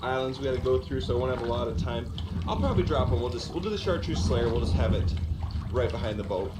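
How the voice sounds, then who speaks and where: A man's voice: medium pitch, expressive, fast. A man casually narrating his fishing trip from a boat on a lake, chatty and thinking aloud as he goes. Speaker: fishing vlogger. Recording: distant, roomy, heavy outdoor noise.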